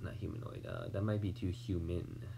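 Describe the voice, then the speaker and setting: Low gravelly man mumbling while he sketches. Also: wildly swooping pitch, moderate pace, noisy background. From United States. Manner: mumbling, trailing off, drops to whispers; self-deprecating asides. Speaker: artist drawing on stream. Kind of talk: thinking aloud while sketching.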